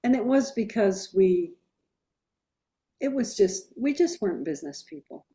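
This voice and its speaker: A woman's voice: medium pitch, animated, unhurried, mellow. A woman publisher with an East Coast American accent, talking casually and bluntly in an interview and laughing often.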